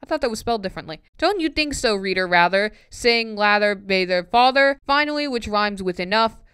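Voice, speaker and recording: A woman's voice: mid-range voice, expressive, brisk, a bit bright, smooth, no room sound, clean studio sound. A woman reading a tricky pronunciation poem aloud, word by word, stumbling and correcting herself with wry asides. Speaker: YouTuber.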